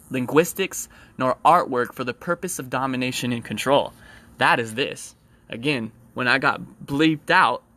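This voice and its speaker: A man's voice: mid-range voice, pushed and bright. A man outdoors ranting preachily on a live video from his phone, rambling and restarting words as he addresses viewers by name. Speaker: livestreamer. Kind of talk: impassioned live video rant.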